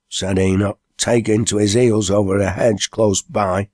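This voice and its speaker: Slow, low-voiced male audiobook narrator. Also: level tone, a little mellow, dry recording, clean studio sound. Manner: measured, plain storytelling. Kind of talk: scripted narration.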